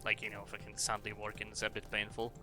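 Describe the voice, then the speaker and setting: A man's voice: on the low side, completely flat delivery, fast, pushed and bright, soft background music. A man streaming a game and chatting casually in a rambling, sweary, joking way. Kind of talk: casual chat while gaming.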